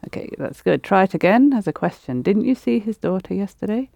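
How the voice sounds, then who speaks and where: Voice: mid-range voice, very animated, fairly quick, creaky, warm tone, dry recording. Patient teacher walking students through drills. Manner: patient, step-by-step explaining. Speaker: language teacher.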